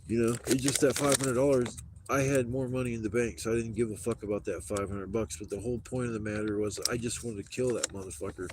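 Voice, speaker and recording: A man's voice: mid-range voice, flat delivery, fast, few pauses, noisy background. A man on a live stream telling a story in casual talk, rambling and swearing a lot.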